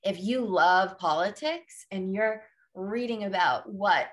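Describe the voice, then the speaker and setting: A woman's voice: mid-range voice, measured pace. Sassy, emphatic woman coach. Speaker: podcast guest, fitness coach. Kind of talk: casual interview chat.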